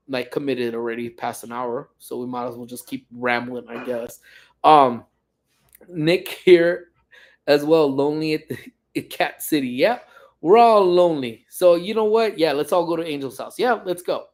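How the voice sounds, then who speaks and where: A man's voice: fairly high pitch, normal speed. A man hosting a casual livestream from home, reading viewer comments and rambling along with jokes and teasing. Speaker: livestream host.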